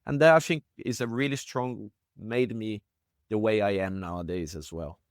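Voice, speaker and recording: A man's voice: on the low side, moderate pace, dry recording, studio quality. Brazilian man telling stories in casual English. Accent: Brazilian Portuguese. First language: Portuguese. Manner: relaxed storytelling, broken grammar, swears now and then. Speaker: podcast guest. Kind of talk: casual conversation.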